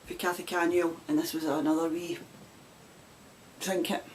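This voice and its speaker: A woman's voice: fairly low pitch, little pitch movement, normal speed, slight background noise. A woman with a broad Glasgow Scottish accent hosting a knitting podcast, chatting casually to camera with frequent laughs and rambling asides. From Scotland.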